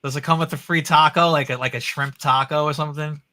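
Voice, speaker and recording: A man co-hosting a sports podcast, chatting casually and excitably about football with slang like "yo" and "bro". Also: fairly high pitch, fast talker.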